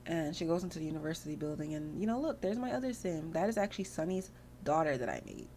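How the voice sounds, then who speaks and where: Chatty woman with a gravelly voice. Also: sits low, big pitch swings, fast talker, dark tone, a little hiss or hum. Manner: rambling and chatty, full of "like". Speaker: gaming channel host. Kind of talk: casual gameplay commentary.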